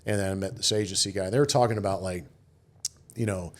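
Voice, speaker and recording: Casting: middle-aged man with a low voice, loose storytelling and lots of quoted dialogue. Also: steady tone, fast. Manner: rambling anecdotes with quoted voices. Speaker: guest, retired Marine officer. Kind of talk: casual storytelling interview.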